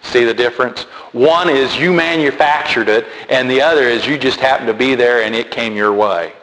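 A man preaching a sermon, animated and emphatic, repeating key words. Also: medium pitch, moderate pace. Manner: animated, repetitive emphatic delivery. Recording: echoey hall with faint noise.

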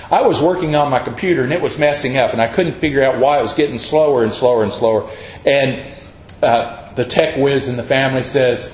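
Preaching in a folksy, conversational style, a man spins homey stories and acts out the voices of the people in them. He talks a little fast in a mid-range voice, on a roomy, dull lo-fi recording with some hiss or hum.

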